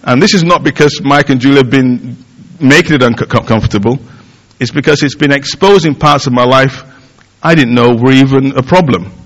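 A man's voice: medium pitch, moderate pace, low-quality recording. A middle-aged man giving a sermon in a conversational, self-deprecating way, with many fillers and restarts. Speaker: pastor.

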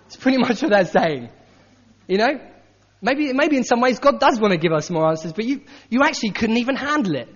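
A man preaching a sermon in a conversational, animated way, acting out the quotes he tells. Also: very high voice, a little fast. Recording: dull sound with long hall reverb.

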